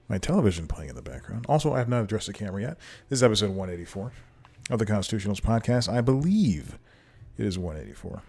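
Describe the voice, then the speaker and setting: A man with a lowish voice rambles through a casual solo podcast intro, cracking self-deprecating jokes and laughing at himself. He talks into a desk microphone at home. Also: creaky, darkish tone. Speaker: podcast host. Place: home room with TV playing.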